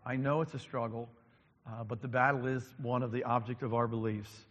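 A male pastor preaches at a mid pitch, pausing often on ums and repeating key lines for emphasis. His voice rings out through a large church sanctuary with a long, trailing reverb. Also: steady tone, muffled recording. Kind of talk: sermon.

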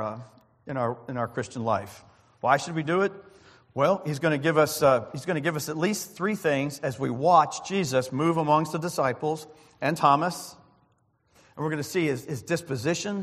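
A man preaching a sermon as pastor, emphatic and repetitive, swinging between loud and soft. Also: a little high, in a large hall. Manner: emphatic, repeats phrases, shifts loud and soft.

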